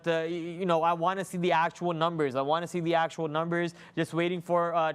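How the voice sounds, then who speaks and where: A man hosting a day trading livestream, thinking aloud with excitable remarks and many fillers and restarts. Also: a little high, smooth. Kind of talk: live market commentary.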